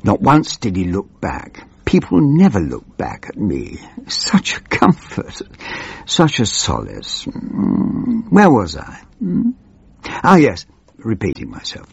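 Man playing a gravelly, plummy old MP, slow, pompous, rambling; muffled lo-fi sound. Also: fairly low pitch, huge pitch swings, no room sound, heavily acted. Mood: musing. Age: older. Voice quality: creaky, husky, plummy. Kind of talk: comic monologue.

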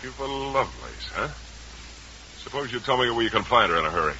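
A man's voice: medium pitch, expressive, fairly quick, sharp tone, a little hiss or hum. An actor playing a short-tempered male theatre producer in old-time radio acting, blustering and exasperated. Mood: commanding. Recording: dull lo-fi old radio recording.

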